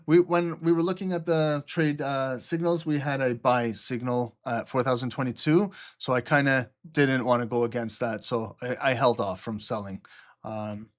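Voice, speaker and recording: A man's voice: medium pitch, fairly even intonation, moderate pace. Man giving live market commentary. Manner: explanatory, often checks in with "okay?"; reads out viewer chat and answers it. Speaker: trading livestream host.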